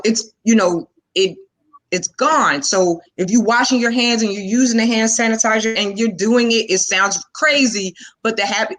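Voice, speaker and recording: A woman's voice: medium pitch, fairly bright tone. A middle-aged woman in casual panel chat, earnest and full of "you know" fillers. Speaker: panel guest.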